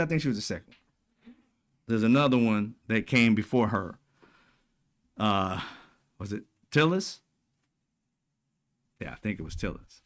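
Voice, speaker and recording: A man hosting casual political commentary, talking bluntly with profane slang and a mocking, sarcastic edge. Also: mid-range voice. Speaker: commentary channel host.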